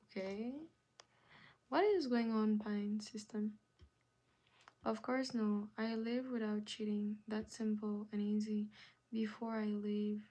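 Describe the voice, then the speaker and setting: A woman hosting a live stream in casual chat, reading viewer comments aloud and putting questions back to the chat. She swings from loud calls to the audience down to soft, near-whispered asides. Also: medium pitch.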